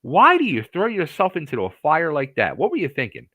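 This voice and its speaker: A man hosting an interview show, talking in an excitable, casual way and swearing now and then. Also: on the high side, fairly quick, no room sound. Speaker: host.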